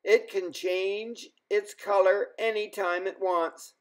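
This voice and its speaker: A kind, gentle hippo, voiced by a man in a storybook reading. He speaks slowly and reassuringly, in a fairly high voice. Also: steady tone.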